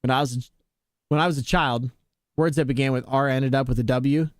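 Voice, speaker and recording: A man's voice: steady tone, a little fast, no echo. Laid-back male game streamer, dry close mic. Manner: laid-back, jokey, talks to chat, playful pitch jumps on jokes. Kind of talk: casual chat with live chat while gaming.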